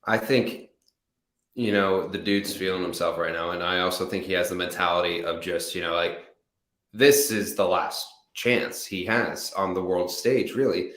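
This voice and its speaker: American male co-host, deep voice, laid-back sports banter, roomy sound. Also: fairly even intonation, moderate pace, fairly bright tone. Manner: casual, repeats words as he starts sentences. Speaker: podcast co-host. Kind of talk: sports analysis chat.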